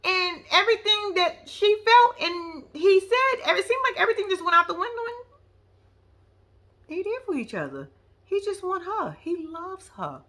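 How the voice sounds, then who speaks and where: Blunt, lively woman recapping reality TV. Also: very high-pitched. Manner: blunt and profane, laughs often; animated, talks straight to viewers. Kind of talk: casual commentary.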